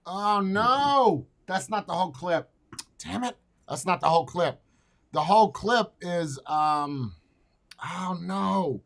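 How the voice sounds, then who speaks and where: A man hosting a podcast in casual chat, talking bluntly and excitably with plenty of swearing. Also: sits high, slow, vocal fry. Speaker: podcast host.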